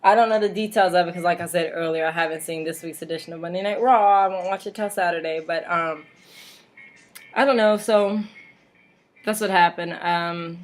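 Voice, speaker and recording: A woman's voice: fairly low pitch, steady tone, moderate pace. A woman hosting a casual home vlog, chatty and rambling, with frequent laughs and mocking asides. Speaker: vlog host. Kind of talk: casual wrestling recap vlog.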